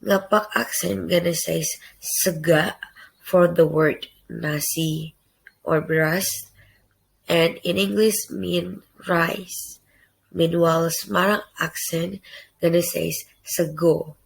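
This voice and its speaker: Young woman reading her class talk, real slow, kinda gravelly. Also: lowish voice, steady tone, low-quality recording. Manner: careful, halting delivery in short phrases. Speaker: student presenter. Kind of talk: read class presentation.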